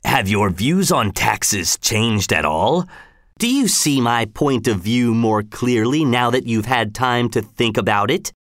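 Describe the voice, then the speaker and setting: A man's voice: mid-range voice, expressive, a bit bright, no room sound, studio quality. A man voicing a smug, menacing governor who drags out his words condescendingly. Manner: slow, drawn-out, condescending delivery. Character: smug, menacing male governor, slow and silky.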